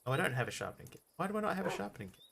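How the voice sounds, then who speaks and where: A man's voice: a little high, big pitch swings, very fast, creaky, a bit bright, slightly rough. A man streaming a game live, chatting casually, thinking aloud and answering his viewers as he plays.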